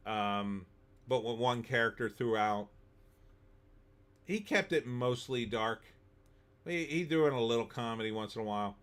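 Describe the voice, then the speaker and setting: A man's voice: mid-range voice, animated, unhurried, pauses often, fairly bright tone. Rambling man hosting a live stream. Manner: rambling and opinionated, many filler ums. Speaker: host of a live movie-talk stream. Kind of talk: casual live-stream chat, reading viewer comments.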